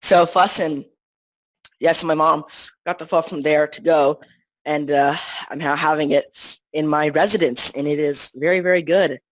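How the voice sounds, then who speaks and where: A teenager talks in a loose, rambling way, circling back with constant restarts and fillers. The pitch sits in the middle range. The recording is dry and close, with no room sound. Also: steady tone, moderate pace, dry recording, poor audio. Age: teens. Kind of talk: casual chat.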